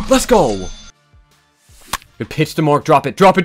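A man commentating his own game with a very lively, jumpy pitch, dropping to grumbles one moment and shouting the next. He curses freely and talks straight at the players on screen. Faint game music sits under his voice. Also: a little slow. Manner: swings from muttering to yelling, swears a lot. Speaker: gaming YouTuber. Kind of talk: excited live gameplay commentary.

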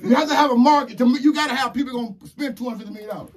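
A man loudly pitching a product at a live comedy show, boastful and profane, repeating himself. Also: rapid-fire. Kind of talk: loud rambling sales pitch. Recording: distant mic with crowd noise.

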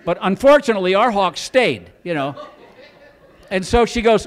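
High-voiced rambling stand-up comedian, man. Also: expressive, normal speed, a faint crowd. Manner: rambling, repeats words, acts out quotes. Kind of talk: stand-up storytelling. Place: comedy club stage.

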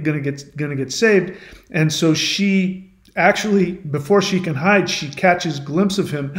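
A man hosting his channel, telling a myth as a lesson in a conversational way, with explanatory asides to the listener. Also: fairly high pitch. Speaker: channel host. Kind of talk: storytelling, retelling a myth as a lesson. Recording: roomy echo.

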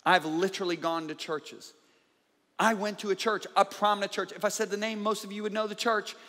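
A man preaching a conference sermon, emphatic, swinging from loud bursts to quiet intensity. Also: sits high, fairly even intonation, brisk. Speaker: guest preacher. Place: large church conference hall. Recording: live hall with long reverb.

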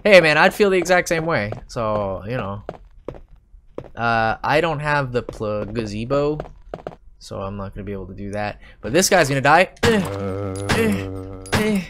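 A man's voice: mid-range voice, expressive, normal speed, fairly bright tone, a little hiss or hum. A man hosting his own gaming channel, rambling in casual, self-mocking, profane commentary at home while he plays. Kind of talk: casual Let's Play commentary. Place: home room.

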